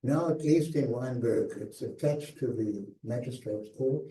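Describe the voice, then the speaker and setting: An older man recounting his own past in a slow, emphatic talk with hushed pauses, heard from a distance in an echoey lecture hall. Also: mid-range voice, creaky. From South Africa. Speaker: guest speaker. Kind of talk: personal memoir talk.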